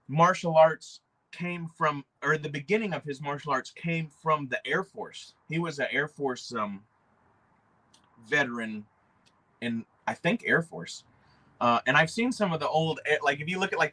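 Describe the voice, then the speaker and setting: A man hosting a casual livestream, talking in an excitable, rambling way and swearing freely. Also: fairly high pitch. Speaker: livestream host showing custom figures.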